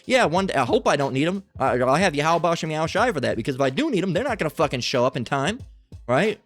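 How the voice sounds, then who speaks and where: A man's voice: a little high, sing-song, fast talker, no echo, soft background music. A man hosting a commentary channel, ranting angrily and swearing constantly as he reacts to a clip. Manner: profane, ranting, restarts often. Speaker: channel host. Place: lives in Las Vegas.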